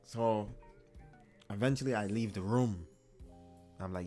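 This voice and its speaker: Low-voiced man telling a story casually. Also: measured pace, long pauses, soft background music. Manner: animated, chatty, acts out quotes. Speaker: vlog host.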